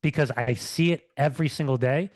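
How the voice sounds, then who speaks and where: A man's voice: mid-range voice, fairly quick, no echo. Middle-aged man, ex-athlete co-host, heated ranting chat, dry close sound. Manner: fired-up ranting with restarts. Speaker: podcast co-host, former athlete. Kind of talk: casual podcast chat.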